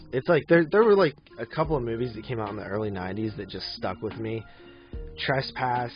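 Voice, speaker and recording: Rambling man, low voice, dull lo-fi sound. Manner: rambling, lots of "like" fillers, laughs easily. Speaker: podcast co-host. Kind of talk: casual movie podcast chat.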